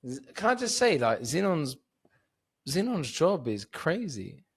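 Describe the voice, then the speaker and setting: A man's voice: on the high side, sing-song, measured pace, breathy edge. Tipsy rambling man on a podcast. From Cyprus. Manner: rambling, tipsy, swears freely. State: drunk and sleepy. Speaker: comedian guest. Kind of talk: casual podcast chat.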